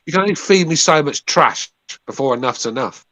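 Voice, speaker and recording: A man's voice: on the high side, expressive, a little fast, bright, forceful tone, no room sound. A man co-hosting a call-in boxing podcast, grumbling and sarcastic in casual banter. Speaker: podcast co-host.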